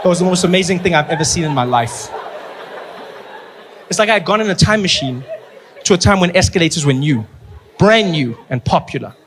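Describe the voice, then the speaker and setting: A man telling stand-up stories in a high, lively voice. He swings playfully between big and quiet moments as he works the room. Club noise hums steadily beneath his handheld mic. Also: brisk, long pauses, crowd noise. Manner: animated, playful storytelling with big vocal swings. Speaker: stand-up comedian. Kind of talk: stand-up storytelling. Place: comedy stage before a live audience. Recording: live comedy club with noise.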